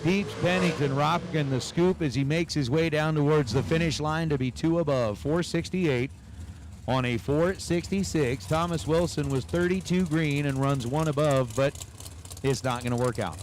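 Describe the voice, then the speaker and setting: A man's voice: a little high, moderate pace, slight background noise. A man announcing drag races on a livestream, calling numbers and chatting with viewers between runs. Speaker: race announcer. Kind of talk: livestream race commentary with chat.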